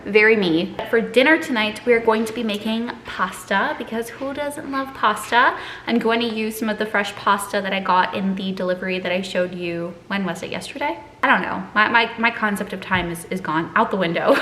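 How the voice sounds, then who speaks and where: Young woman, twenties, from Quebec, casual food vlog, chatty and bubbly, bright voice, echoey kitchen. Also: mid-range voice, fairly quick, a little hiss or hum. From Quebec, Canada. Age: 20s. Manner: chatty, bubbly, self-deprecating asides. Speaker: food vlogger. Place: home kitchen.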